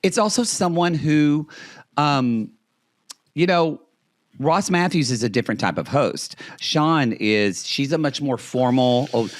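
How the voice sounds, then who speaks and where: A man co-hosting a casual podcast, chatting in an animated way, swearing freely and often restarting his sentences. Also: on the high side, measured pace, no room sound, clean studio sound. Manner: animated, profane, lots of restarts. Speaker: podcast co-host.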